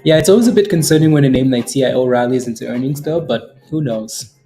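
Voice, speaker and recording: A man's voice: medium pitch, fast, mellow, soft background music. A man hosting a live day-trading stream, cheering on prices, chanting and laughing as he talks to viewers. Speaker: day trading livestream host.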